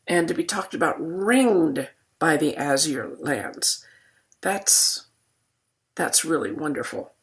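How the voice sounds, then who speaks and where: A woman teacher giving a recorded poetry lecture, losing her voice and clearing her throat, reading verse slowly and deliberately. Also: low voice, animated.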